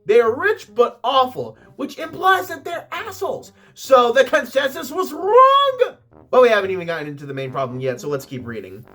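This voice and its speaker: High, lively man reading stories aloud. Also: slightly rough. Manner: excitable, breaks off reading to exclaim and swear. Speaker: host reading Reddit stories.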